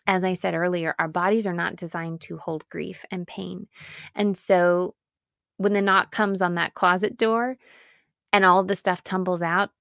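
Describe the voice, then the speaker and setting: A woman pastor and speaker giving an earnest, reflective talk, stressing repeated phrases with slow pauses. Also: lowish voice, steady tone, vocal fry, a bit bright, no room sound, studio quality. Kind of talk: reflective spoken talk on grief.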